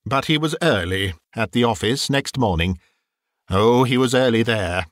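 A man reads an audiobook in an expressive storytelling style. His mid-range voice moves at a moderate pace, with studio quality and no room sound.

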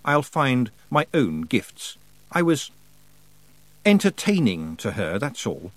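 A clever young witch girl , read by a male narrator, musing in a wry, dry-witted tone with lively inflections. The reading is close and dry. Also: medium pitch, takes it slowly, no echo, full character voice.

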